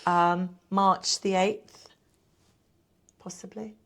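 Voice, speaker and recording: Middle-aged woman, lowish voice, chatty panto performer acting out stories. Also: very slow. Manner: chatty, animated storyteller who acts out quotes. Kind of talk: casual interview chat.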